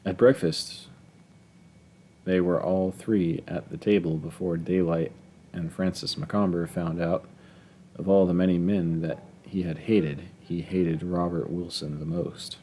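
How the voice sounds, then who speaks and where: Male audiobook narrator, deep voice, mellow tone, measured reading. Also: flat delivery, slight background noise. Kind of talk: scripted narration.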